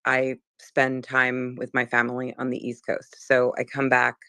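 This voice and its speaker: A woman's voice: a bass voice, completely flat delivery, normal speed, pushed and bright, clear, resonant tone, no echo. A woman in her forties from South Jersey, casually recounting what she saw, chatty and rambling with many fillers. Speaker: witness.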